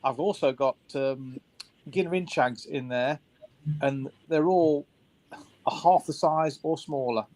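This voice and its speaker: A man's voice: mid-range voice, slow pace, darkish tone, no room sound, poor audio. A man in a casual chat, explaining his thinking carefully with stammered restarts.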